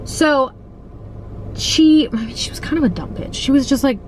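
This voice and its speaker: A woman's voice: high-pitched, animated, normal speed, darkish tone, a little hiss or hum, rough recording. A young woman in her twenties chatting casually in a parked car, telling a story, swearing freely and acting out the quotes. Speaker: vlogger.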